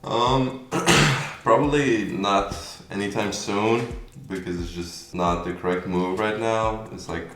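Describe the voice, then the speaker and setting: Deep-voiced man in an echoey room. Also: takes it slowly, hardly any pauses. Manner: relaxed, hesitant with fillers. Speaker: brand co-founder. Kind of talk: casual Q&A chat. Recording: echoey room, faint noise.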